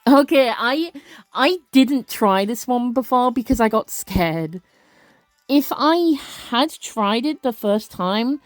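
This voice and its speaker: A woman in a dry recording narrates a story game as a let's play narrator, reading aloud in a casual, chatty way. Her voice is mid-range, and she often corrects herself and stumbles over words.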